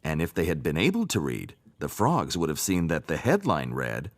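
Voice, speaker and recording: A man narrating a children's storybook in an expressive, sing-song reading voice. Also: extremely low pitch, moderate pace, hardly any pauses. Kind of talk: storybook read-aloud narration.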